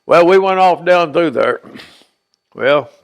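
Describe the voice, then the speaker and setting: A man's voice: on the high side, expressive, takes it slowly, vocal fry. An older man being interviewed, telling a childhood story in a folksy, rambling way and acting out the voices of the people in it. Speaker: oral history interviewee.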